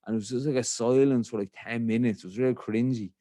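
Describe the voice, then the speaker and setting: A man's voice: mid-range voice, steady tone, quick pace, dark tone, no echo, clean studio sound. An Irish man hosting a podcast in loose, rambling casual chat, full of swearing and filler phrases. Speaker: podcast host.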